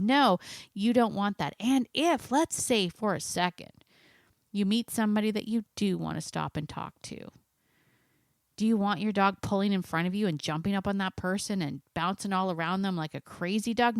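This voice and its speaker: A woman hosting a dog-training show, talking with animated, coaxing enthusiasm and acting out little imagined dialogues. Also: medium pitch, no echo, clean studio sound. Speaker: dog trainer podcast host. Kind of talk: enthusiastic solo talk.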